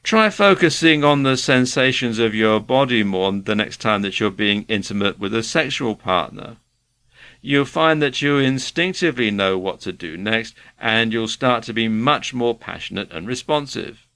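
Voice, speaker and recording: A man giving self-help advice in a relaxed, conversational way. His pitch rises and falls with lively movement, and his voice has a bright, forward edge. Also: moderate pace, clear, resonant tone. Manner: earnest, advising, conversational. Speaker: self-help video presenter. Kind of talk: motivational talk to camera.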